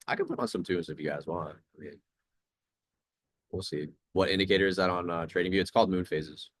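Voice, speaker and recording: A relaxed young man with a low, deep voice chats casually while commenting on trades live. His voice is close and dry, with no room sound around it. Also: brisk, no room sound. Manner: laid-back, chatty, reads chat aloud. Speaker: trading livestream host.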